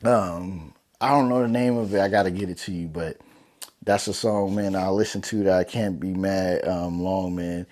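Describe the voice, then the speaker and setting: Young dude w/ aave doing a solo podcast, low mellow voice, chill and slangy. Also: male voice, moderate pace. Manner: relaxed, conversational, heavy slang. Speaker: podcast host. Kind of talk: casual solo podcast talk.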